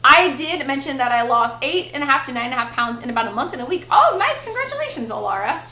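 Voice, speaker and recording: A woman's voice: high voice, sing-song, fast talker, sharp tone, echoey room, poor audio. A young woman chatting casually and bluntly on a livestream while cooking at home, swearing freely. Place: home kitchen.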